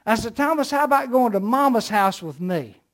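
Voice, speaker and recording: Southern male preacher, middle-aged, high tenor, punches key words, tells stories from the pulpit. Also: animated, normal speed, a bit bright. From American South. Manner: emphatic, storytelling preacher with rising emphasis. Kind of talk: sermon.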